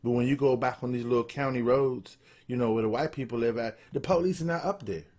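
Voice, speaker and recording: A man's voice: medium pitch, fast, a little mellow. A man giving casual, blunt, profane video commentary, emphatic and repeating himself for emphasis. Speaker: political commentator.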